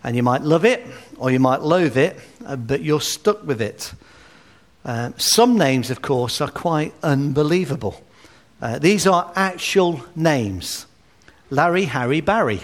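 A man preaching a sermon with gentle humor and anecdotes, at a baby's naming. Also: a little high, expressive, unhurried. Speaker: pastor. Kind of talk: sermon at a baby dedication.

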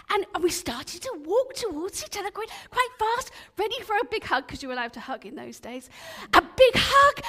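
A woman telling stories in a sermon to a church congregation, chatty and lively, asking her listeners questions as she goes. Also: very high-pitched, brisk, few pauses. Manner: animated, chatty, asks the audience questions. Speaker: preacher leading an all-age church talk. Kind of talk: storytelling sermon. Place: church hall. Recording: long reverb of a church.

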